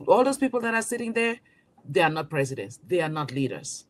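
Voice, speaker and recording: A woman's voice: low voice, big pitch swings, brisk. A woman from Cameroon, a magazine publisher, speaking as an interview guest with emphatic rhetorical questions and frequent restarts. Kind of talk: impassioned interview talk.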